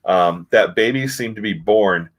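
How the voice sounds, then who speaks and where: Male comic reviewer, lowish voice, chatty and halting, lots of ums. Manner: rambling, halting, many fillers and restarts. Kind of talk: casual comic review chat.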